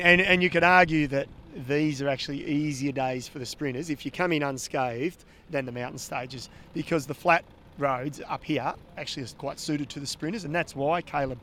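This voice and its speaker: An Australian man, a former pro rider, co-hosting a cycling podcast in a relaxed, chatty way that often repeats words as he thinks. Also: a little high, a little hiss or hum. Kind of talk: casual podcast chat.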